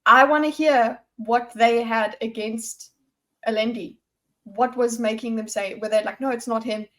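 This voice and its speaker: Excitable woman discussing a book. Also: a little high, unhurried. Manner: excited, laughing, thinking aloud with restarts. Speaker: book club co-host.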